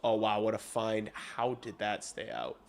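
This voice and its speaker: A man streams live as he watches hockey, talking to viewers bluntly and profanely and sometimes building to loud rants. His voice is fairly low with vocal fry, and his intonation is lively while his pace is a little slow.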